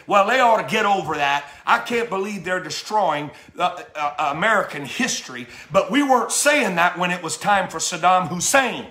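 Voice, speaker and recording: A man's voice: sits high, bright, forceful tone. A man preaching an impassioned sermon as a bishop, fervent, stumbling over repeated words and firing rhetorical questions. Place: church. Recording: echoey church sanctuary.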